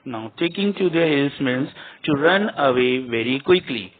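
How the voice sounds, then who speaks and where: A man's voice: mid-range voice, lively intonation, unhurried. A male teacher reading a story aloud to a class, dictating words to underline and repeating their meanings, recorded with a tinny phone-like sound.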